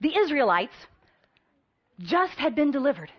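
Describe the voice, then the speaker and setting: A woman preaching a sermon, telling stories with lively energy and acting out the voices of the people in them. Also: high-pitched, a little slow, highs cut off. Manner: animated storytelling, acting out voices of the crowd.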